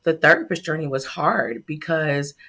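A woman's voice: low voice, normal speed, bright, forceful tone, slightly rough. A middle-aged woman, a startup founder, telling a heartfelt personal story in a podcast interview.

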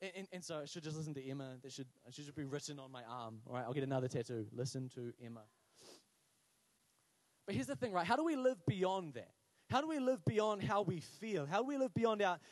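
A man's voice: high voice, no room sound. A young man preaching a sermon, telling funny stories and acting out voices. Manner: animated storytelling with acted voices and humor.

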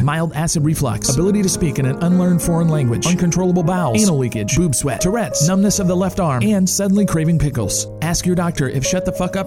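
A man putting on the voice of a fast-talking male drug-ad announcer in a mock commercial. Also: on the high side, natural voice. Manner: rapid mock-commercial delivery.

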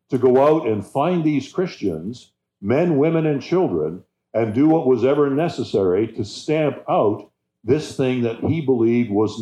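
A man teaching a Bible sermon in a measured, halting way, pausing and restarting as he explains. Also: mid-range voice, mellow. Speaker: preacher. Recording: roomy echo, slightly dull sound.

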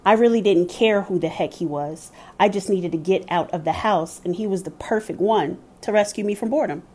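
A woman's voice: mid-range voice, fairly quick, mellow, slightly rough. A woman giving scripted first-person narration of a story, telling it in a candid, wry way.

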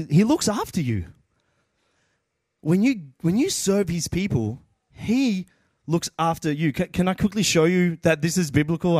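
Casting: male lay preacher, high pitch, bouncy, slangy, dry close sound. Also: no room sound. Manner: energetic, repeats words, casual slang. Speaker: church volunteer preacher. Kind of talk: informal sermon.

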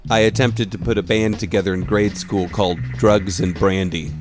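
A man hosting a podcast, reading a scripted narration in a measured, reflective way. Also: deep voice, steady tone, over music. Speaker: podcast host.

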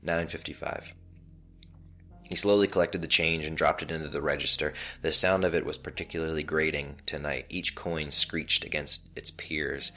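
A man narrating a scripted story in a calm, measured way. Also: rumbling low.

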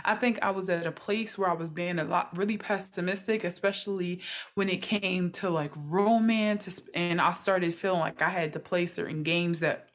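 Slangy, reflective woman, lowish voice. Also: moderate pace. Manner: relaxed, reflective, slangy storytelling. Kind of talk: casual chat.

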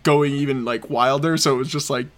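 A man co-hosting a podcast, telling stories in a casual, excitable, rambling way with lots of fillers. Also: medium pitch, fairly quick. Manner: excited, rambling storytelling with frequent fillers and laughs. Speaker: podcast co-host. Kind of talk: casual chat.

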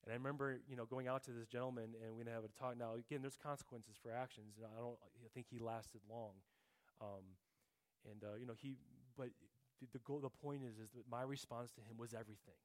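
A middle-aged man giving a heartfelt testimony in church, earnest and often dropping to a soft, quiet tone, sometimes repeating words as he searches for a phrase. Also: mid-range voice, fairly even intonation, fairly quick. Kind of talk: sermon testimony.

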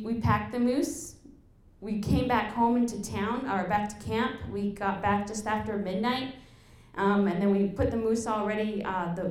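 A young woman from Alaska telling a lively personal story to an audience, laughing and acting out the quotes. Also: mid-range voice. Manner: animated, laughing, acts out quotes. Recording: echoey room.

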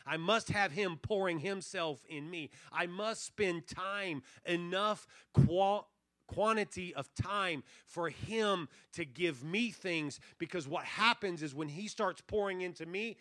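Pastor at a revival, man with a higher, sharp, ringing voice, dry close sound, earnest preaching that dips quiet then swells. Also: no echo. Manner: earnest preaching, drops to near-hush then swells on key phrases. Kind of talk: revival sermon. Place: church revival service.

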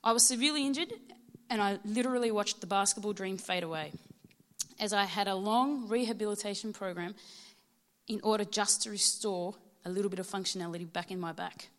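An Australian woman in her thirties speaks in a mid-range voice, delivering a prepared testimony to a church gathering. Her delivery is heartfelt and measured, with steady pauses between phrases. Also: mid-range voice. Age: 30s. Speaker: mother giving a church testimony. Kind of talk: prepared personal testimony speech.

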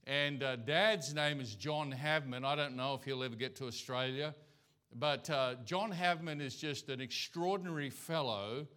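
A man's voice: mid-range voice, normal speed, fairly bright tone, clean tone. A male pastor giving a conversational sermon in church, telling folksy stories and anecdotes.

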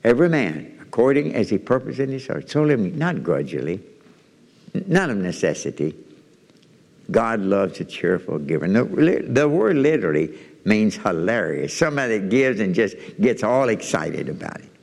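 A man preaching a sermon, animated, repeating phrases and restarting words as he goes. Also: lowish voice, normal speed, vocal fry. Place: church. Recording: echoey hall reverb.

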